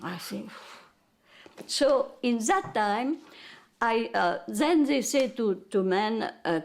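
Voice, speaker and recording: Older Belgian French-accented woman, French native, slow unhurried delivery, halting, hunting for English words. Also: a little high, lively intonation, creaky. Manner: halting, searches for English words, many restarts. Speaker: interviewee. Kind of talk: recounting wartime memories.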